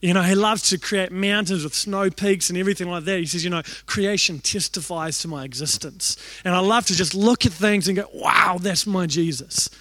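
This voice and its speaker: A young New man preaches through personal stories, lively and quick to poke fun at himself as he acts out his own thoughts. His voice sits high. The sound is dry and close, with almost no room echo. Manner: animated, acts out quoted thoughts, self-deprecating humor. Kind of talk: storytelling sermon.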